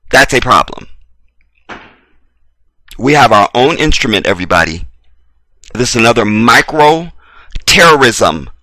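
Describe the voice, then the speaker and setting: A man's voice: medium pitch, sharp tone, no room sound. An American man delivering an impassioned, profane commentary rant, blunt and preachy, hammering points by repeating himself. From United States. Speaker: video commentator.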